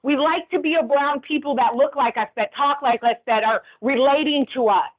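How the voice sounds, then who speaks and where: A woman's voice: high voice, moderate pace. A woman instructor giving a conversational training lecture, often checking in with the class. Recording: tinny phone-like sound.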